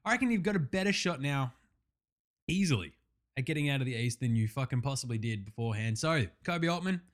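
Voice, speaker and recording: A man with an Australian accent hosting a sports talk podcast, animated, slangy and sweary. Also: mid-range voice, fast. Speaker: podcast host. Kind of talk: sports talk show monologue.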